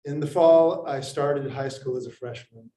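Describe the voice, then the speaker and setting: A man from India telling a personal story to an audience, unhurried with pauses and lively acted quotes. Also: medium pitch. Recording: roomy, distant mic, faint noise.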